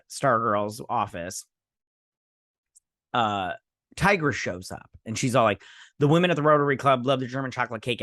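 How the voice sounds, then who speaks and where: A man's voice: medium pitch, fairly bright tone, dry recording, clean studio sound. A man hosting a casual show recap, sarcastic and rambling, often quoting characters in voices. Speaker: host.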